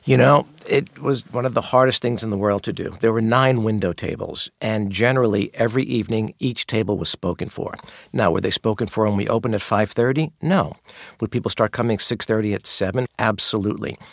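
A man's voice: fairly low pitch, brisk, creaky, no echo, studio quality. A man guest on a radio interview, a maitre d' who tells candid stories from the dining room and acts out exchanges with customers.

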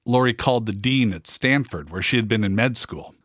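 Low, measured male podcast host. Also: a bit bright, no echo, clean studio sound. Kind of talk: interview and scripted narration.

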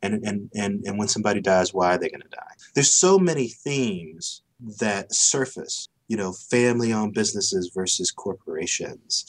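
Guy guesting on a podcast, lowish voice, thinks out loud, stumbles over starts. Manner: thoughtful, repeats words when starting a thought. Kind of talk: casual podcast interview.

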